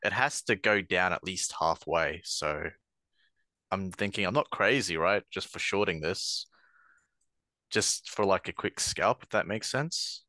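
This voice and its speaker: Unsure male caller, low but bright and forceful, dry mic. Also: measured pace, no echo. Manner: rambling, unsure questions. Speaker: caller asking a trading question. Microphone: video call.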